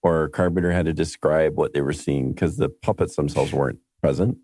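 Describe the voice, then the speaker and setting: A man's voice: extremely low pitch, fairly quick, dark tone, no echo, studio quality. A man in casual podcast chat, wry and questioning, often trailing off mid-thought. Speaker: podcast co-host.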